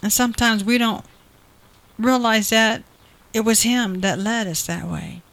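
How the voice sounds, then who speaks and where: A woman's voice: on the high side, unhurried, a bit bright. A woman preaching a sermon, earnest and repetitive, building emphasis through quoted promises.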